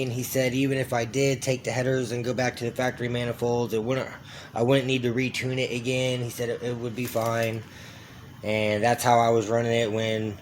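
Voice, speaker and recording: A man's voice: medium pitch, a little hiss or hum. A young man talking casually to camera about his car build, loose and rambling, with lots of fillers and restarts.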